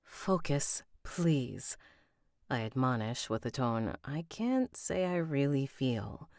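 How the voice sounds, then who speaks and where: A woman's voice: a bass voice, big pitch swings, a little slow, darkish tone, no echo, clean studio sound. A woman reading an audiobook aloud on a live stream, breaking off to chat with viewers and redo lines.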